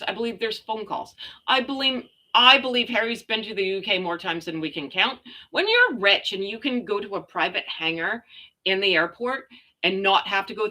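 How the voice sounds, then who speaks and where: Woman host, casual sarcastic rant, bright forceful tone, gossip stream. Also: medium pitch. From Canada. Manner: sarcastic, ranting, animated. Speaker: royal gossip livestream host. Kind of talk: casual chat reading viewer comments.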